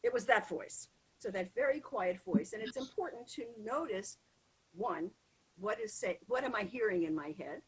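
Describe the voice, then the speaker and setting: Lively woman with a very husky voice. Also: medium pitch, moderate pace, poor audio. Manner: lively, emphatic, acts out inner voices. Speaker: public speaking coach, guest. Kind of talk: podcast interview conversation.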